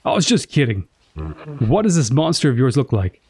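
A gamer voicing a grumpy, sarcastic drunk knight who talks gruffly and slurs. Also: medium pitch, very animated, moderate pace, a little mellow, lightly acted.

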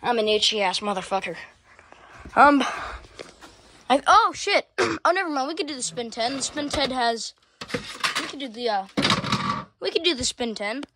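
Her voice is high and lively, at normal speed with frequent pauses, as she rambles through a casual home vlog about collecting fans. Swearing freely, she fumbles with her gear in a room of her house. A phone camera captures it all over loud background fan noise.

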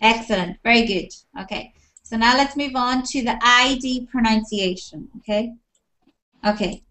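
A woman's voice: on the high side, moderate pace, pushed and bright. A woman teaching English in an online class over a video call, encouraging and repeating her praise often.

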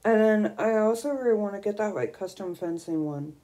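A young woman streaming a video game, gushing and excitable as she squeals over new items. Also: medium pitch, fairly quick. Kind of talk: casual gameplay commentary.

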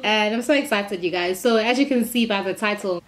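Young woman doing a faith vlog, upbeat and excited, kinda preachy, normal middle pitch. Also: a little fast. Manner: lively, exclamatory, preachy and upbeat. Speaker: Christian vlogger. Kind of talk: casual devotional encouragement.

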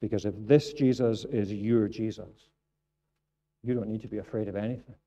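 A man's voice: fairly low pitch, steady tone, normal speed, warm tone, dull audio. A man preaching a sermon in church, earnest and repeating phrases for emphasis. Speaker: pastor.

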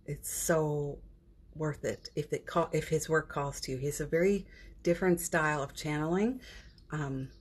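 A woman's voice: deep voice, fairly even intonation, normal speed, husky. A woman hosting a daily live stream from her phone at home, chatting casually about spiritual matters, laughing often and trailing off mid-sentence.

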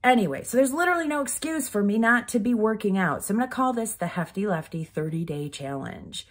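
A woman's voice: medium pitch, expressive, fairly quick. A mother speaking in a candid personal vlog, rambling and heartfelt, emotional and close to tears. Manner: rambling, heartfelt, many "like" fillers. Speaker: vlogger, mother.

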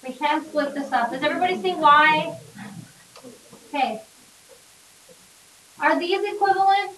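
A woman's voice: high voice, unhurried, a bit bright, echoey room, a little hiss or hum. A woman teaching a math class, questioning her students and coaxing them along step by step. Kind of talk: classroom lecture. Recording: distant classroom recording.

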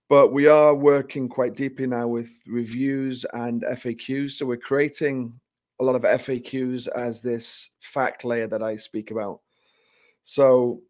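Relaxed man demoing a product. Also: medium pitch. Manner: joking, relaxed, restarts often. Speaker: company presenter. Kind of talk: casual product demo.

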